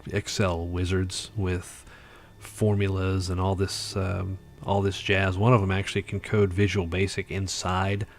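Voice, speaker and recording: A man's voice: sits low, monotone, a little slow, few pauses. A tired man hosting a casual livestream chat, rambling with lots of fillers. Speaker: livestream host.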